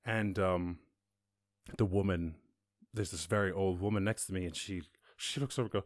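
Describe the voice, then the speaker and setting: Low-voiced laid-back West Cork man. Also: fairly even intonation, moderate pace, long pauses, no room sound, clean studio sound. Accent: West Cork Irish. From West Cork, Ireland. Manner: rambling, laid-back, sweary, laughs often. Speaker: podcast host. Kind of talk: casual solo monologue.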